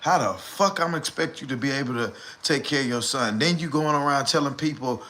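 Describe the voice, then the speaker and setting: Southern American male vlogger, bright forceful tone, slangy repetitive rant. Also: mid-range voice, brisk, hardly any pauses. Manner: slangy, emphatic, repetitive ranting. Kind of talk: ranting commentary.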